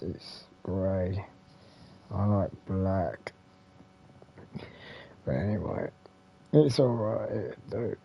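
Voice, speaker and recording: A man's voice: fairly low pitch, vocal fry, dull audio. A man with an English accent, hosting a retro gaming channel, rambling casually with mild swearing and lots of fillers and restarts.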